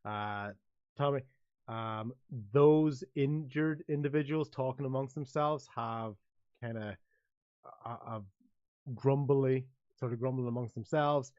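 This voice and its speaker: A man's voice: mid-range voice, slow, darkish tone, no echo, muffled recording. A man narrating as game master of a tabletop game, talking hesitantly with lots of fillers.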